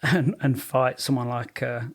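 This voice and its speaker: A man with an average-pitched voice chats casually on a fight podcast. He talks in a relaxed way, with plenty of slang and loose, easygoing phrasing. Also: measured pace. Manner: laid-back, chatty, uses slang. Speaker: podcast co-host. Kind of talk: casual chat.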